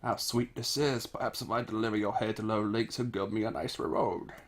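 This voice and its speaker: A man putting on a gruff, boastful goblin boss. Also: fairly low pitch, steady tone, brisk, natural voice. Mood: menacing. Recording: game music behind.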